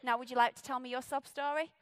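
A woman preaching a sermon in a church. She talks fast and sounds playful and full of energy. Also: high-pitched, fairly even intonation, clean tone, dry recording. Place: church stage.

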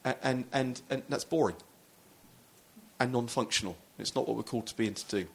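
A man's voice: mid-range voice, brisk, vocal fry, husky. A man, a pastor, preaching a sermon in a loose, conversational storytelling way with frequent restarts.

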